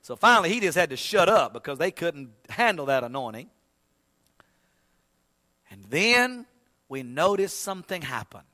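Dramatic preacher in a reverberant hall. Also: male voice, fairly high pitch, big pitch swings, moderate pace, long pauses. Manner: dramatic, swings from shouting to hushed; repeats and restarts words. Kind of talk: sermon.

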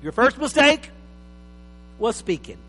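A man preaching a sermon as pastor, emphatic, swinging from loud bursts to quiet asides. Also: very high voice, very animated, measured pace. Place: church hall. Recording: reverberant hall with faint mains hum.

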